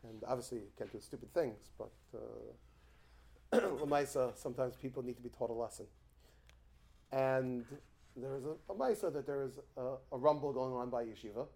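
A man teaching a lively Torah class, an animated storyteller who chuckles and drops asides. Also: mid-range voice, normal speed, vocal fry.

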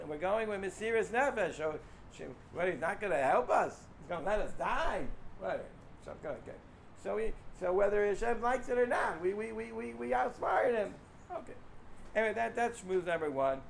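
A man teaching a casual Torah lecture, animated and asking rhetorical questions, with frequent restarts. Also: high voice, gravelly, slight background noise.

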